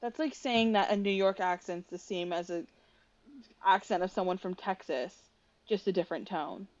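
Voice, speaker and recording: A woman's voice: mid-range voice, normal speed, dry recording, muffled recording. A young woman, co-hosting a podcast and arguing bluntly and emphatically. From New Jersey. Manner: blunt and emphatic when disagreeing. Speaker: podcast co-host. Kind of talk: casual chat.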